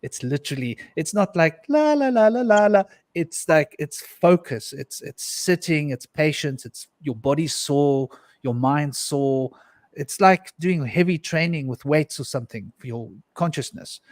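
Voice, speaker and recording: Intense, higher-voiced man telling a story. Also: a little slow, no room sound. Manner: earnest, intense storytelling with frequent restarts and repetitions. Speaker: panelist. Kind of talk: recounting a personal mystical experience in a panel discussion.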